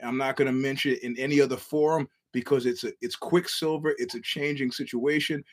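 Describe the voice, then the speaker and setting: A man's voice: medium pitch, steady tone, a little fast. A man hosting his own podcast, rambling through a wry, chuckling solo monologue with frequent restarts. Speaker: podcast host.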